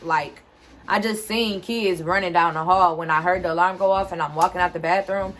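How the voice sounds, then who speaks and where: A woman's voice: fairly low pitch, fairly even intonation, brisk, fairly bright tone, slight background noise. A woman, animatedly telling a casual storytime straight to her viewers. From Detroit, USA. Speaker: vlogger.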